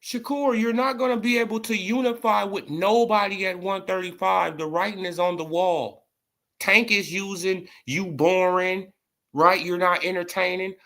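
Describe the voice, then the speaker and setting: A man's voice: high-pitched, steady tone, normal speed, a bit bright. A man giving casual boxing commentary in an emphatic, repetitive, slangy way.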